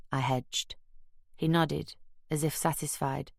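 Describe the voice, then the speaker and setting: A woman narrating a crime audiobook in the first person, measured and wry, recorded close on a studio mic. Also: low-pitched, no room sound.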